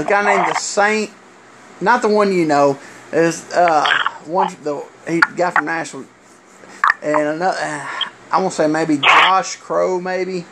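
A middle-aged man, a former wrestler telling stories in casual chat, halting and full of fillers. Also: high voice, gravelly. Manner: rambling, halting with many fillers. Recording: loud hiss with clicks.

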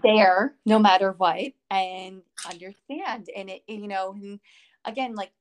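A woman's voice: medium pitch, steady tone, measured pace. A woman co-hosting a podcast, talking casually and rambling, with many fillers and restarts. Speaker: podcast co-host.

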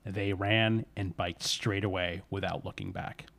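A man's voice: low voice, vocal fry. Man telling a spooky story casually. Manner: relaxed, voices characters' lines in quick asides.

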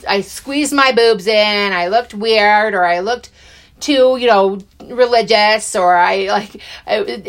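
A middle-aged woman telling a personal story in a chatty, animated way, full of fillers and acted-out quotes. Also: medium pitch. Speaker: podcast guest.

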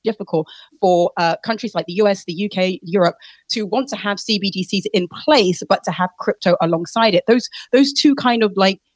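A woman's voice: mid-range voice, normal speed, no room sound. A woman co-hosting a casual panel discussion, thoughtful, with frequent restarts and fillers.

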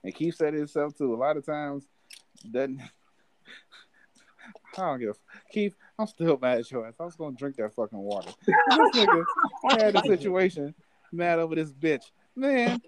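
A man co-hosting a podcast, telling stories in loud, profane casual chat with laughter. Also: on the high side, expressive, normal speed, slight background noise. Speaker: podcast co-host.

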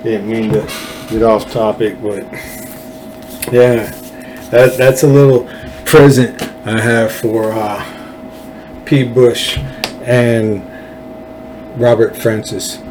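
Slow, low-voiced man ranting sarcastically. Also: fairly even intonation, darkish tone, slight background noise, rough recording. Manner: sarcastic, rambling, many fillers and restarts. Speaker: political podcast host. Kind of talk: rambling political commentary.

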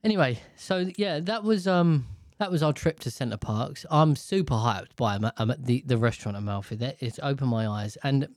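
A man chatting casually as a podcast co-host. He rambles and is animated, and he keeps breaking into little voices. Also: medium pitch, a little fast, few pauses, no echo. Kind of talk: casual chat.

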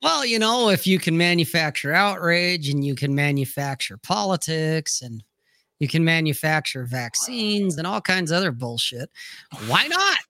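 A man with a fairly high voice throws out blunt wisecracks in a relaxed podcast chat. The mic is close and the sound is dry and dead. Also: moderate pace, dry recording. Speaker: podcast co-host. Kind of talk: casual chat.

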